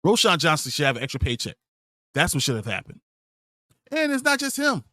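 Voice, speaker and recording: A man's voice: fairly high pitch, huge pitch swings, brisk, sharp tone, no room sound, studio quality. A man hosting a sports podcast, ranting in an exasperated, profane way at his team's players. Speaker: podcast host.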